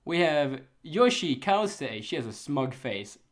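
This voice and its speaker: A man's voice: on the high side, big pitch swings, a little slow, slight background noise. A young man co-hosting a casual anime chart chat, ranting with frequent laughter. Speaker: anime season chart co-host.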